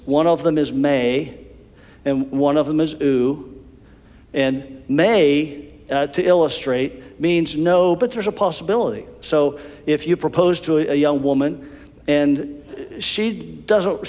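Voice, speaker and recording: Pastor preaching in an echoing hall. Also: male voice, fairly high pitch. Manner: animated storytelling, repeats words. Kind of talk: sermon. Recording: long hall reverb.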